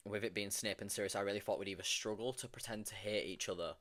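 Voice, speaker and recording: A man's voice: lowish voice, fast. A young man chatting casually on a stream, telling funny stories from filming, full of fillers and bursts of laughter. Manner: animated, laughing storyteller with many fillers. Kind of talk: casual chat.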